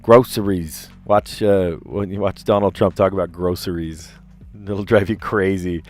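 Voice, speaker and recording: The puzzle streamer's voice is low and darkish, with fairly even intonation and a normal pace. Hailing from South Jersey, he has a light accent there and talks in a loose, rambling way on his live stream, often cutting himself short.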